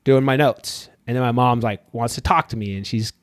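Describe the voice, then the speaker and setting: A man's voice: medium pitch, brisk, no echo, clean studio sound. A man on a podcast, a therapist talking casually and animatedly, slipping into voices of people he quotes and swearing now and then. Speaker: therapist guest.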